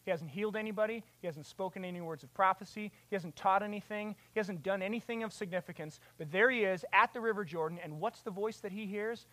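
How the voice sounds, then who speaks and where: Bright, impassioned preacher with dry sound. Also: medium pitch, quick pace, few pauses, no echo. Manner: impassioned, rising to loud emphatic peaks; asks rhetorical questions. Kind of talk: sermon.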